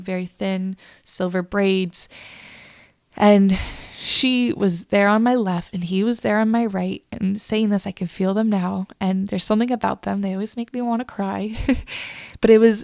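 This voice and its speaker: A woman hosting a solo podcast, telling a personal story in a confiding, emotional way, often halting and restarting. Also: mid-range voice, gravelly, a little mellow, no room sound, clean studio sound. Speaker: podcast host.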